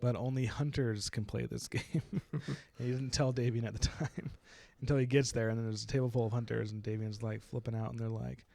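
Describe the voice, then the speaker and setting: Brief: young male book podcaster, gravelly and mellow, chatty, giggles through his recap. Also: mid-range voice, fairly even intonation, a little fast, no echo. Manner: laughs often while retelling, uses "like" a lot. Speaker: podcast co-host. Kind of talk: casual book discussion.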